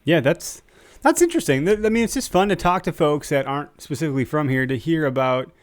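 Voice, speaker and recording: A man's voice: fairly high pitch, expressive, fast talker, dry recording, studio quality. A man hosting a casual live-stream conversation, upbeat and joking, who asks his guest to share stories. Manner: upbeat, jokey interviewer who laughs often. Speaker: show host.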